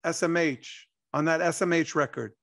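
A man, telling an animated story as an interview guest and acting out quotes. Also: fairly high pitch, normal speed, vocal fry. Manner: excitable, acts out quotes, laughs.

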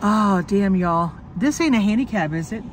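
A woman with a medium-pitched, lively voice talks at normal speed, with a touch of hiss or hum in the audio. Coughing from being sick, she chats to her phone camera from inside a car, joking, laughing, and swearing often.

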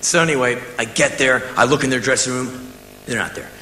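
An American man in his thirties telling a spoken-word story, acting out the people in it with shouts and laughs. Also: mid-range voice, a little fast, slight background noise. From United States. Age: 30s. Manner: animated, acts out quotes with shouts and laughs. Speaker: musician telling a story on stage.

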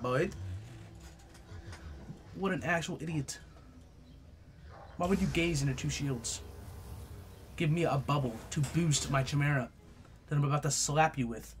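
A young man giving live gameplay commentary, profane and trash-talking, swinging between loud outbursts and low mutters. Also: a little hiss or hum. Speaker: gaming YouTuber.

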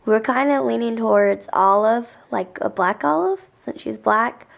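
A woman's voice: fairly high pitch, measured pace, creaky. A young woman vlogging casually and cooing in baby talk at her new dog. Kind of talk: casual vlog.

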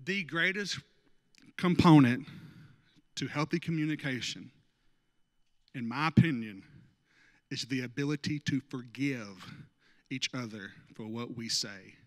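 A man's voice: mid-range voice, a little slow, long pauses. A man preaching a sermon as pastor, conversational and joking with the congregation. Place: church sanctuary. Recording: long church hall reverb.

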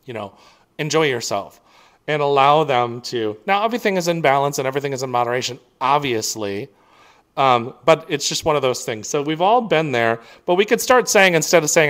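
A man's voice: mid-range voice, lively intonation, brisk, fairly bright tone. Earnest man giving a spiritual talk. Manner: earnest, conversational, with many fillers and restarts. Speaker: spiritual teacher.

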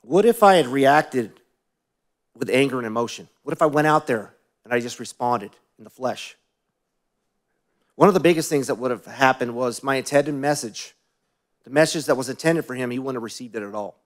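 A man's voice: mid-range voice, lively intonation, moderate pace. Conversational preaching man. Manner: conversational storytelling, asks the congregation questions. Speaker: pastor. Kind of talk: sermon.

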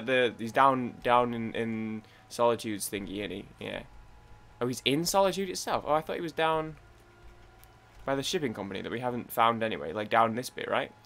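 A gaming channel host, a young man, narrates his gameplay in a stream of chatter to himself. His mid-range voice is a bit bright and animated, and he talks a little fast.

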